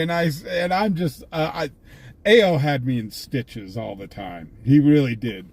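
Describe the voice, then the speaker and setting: A man's voice: fairly high pitch, slow pace, darkish tone. An older man, an independent reporter on a live stream, telling a long amused story in a rambling, casual way, with many restarts, from inside a vehicle. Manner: rambling, amused anecdote-teller with frequent restarts. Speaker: independent scanner-chasing reporter.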